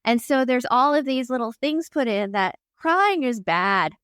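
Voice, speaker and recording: A woman's voice: sits high, lively intonation, a little slow, fairly bright tone, clean tone, dry recording, studio quality. Woman co-hosting a parenting chat. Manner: storytelling, acts out quoted parents. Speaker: podcast co-host.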